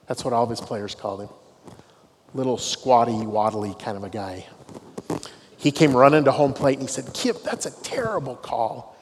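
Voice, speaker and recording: A man's voice: mid-range voice, normal speed, long pauses, slight background noise. Middle-aged man, university dean, devotional storyteller with dry humor; live hall sound, long reverb. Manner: storytelling, self-deprecating humor. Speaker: dean of students. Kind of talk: devotional talk to students. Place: large hall on a university campus.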